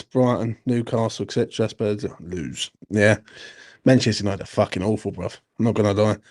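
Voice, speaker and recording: A man's voice: mid-range voice, a little mellow. A young man hosting a late-night football fan live stream, ranting bluntly and swearing heavily as he reads viewer comments. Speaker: host of a football fan channel.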